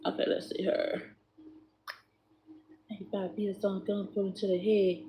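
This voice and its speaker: A woman's voice: mid-range voice, level tone, a little slow, warm tone. A woman chatting to viewers while doing hair, swearing freely and calling them y'all. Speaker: hair vlogger.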